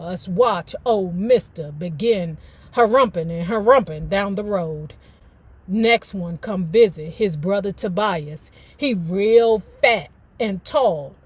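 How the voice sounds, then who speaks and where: A woman's voice: medium pitch, slightly rough. A woman reading a novel aloud for a book club, breaking into chatty, sassy commentary between passages. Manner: animated, switches between reading and sassy asides.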